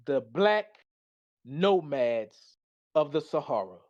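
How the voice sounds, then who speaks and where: A man's voice: on the high side, sing-song, slow, muffled recording. A tired man giving a casual, slangy presentation, reading slides aloud and reacting to them. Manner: loose, slangy, talks back to the slides.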